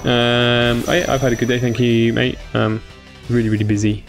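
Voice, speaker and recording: A man's voice: medium pitch, flat delivery, normal speed, soft background music. A tired man chatting casually with viewers during a game stream, rambling with many fillers. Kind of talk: casual live-stream chat.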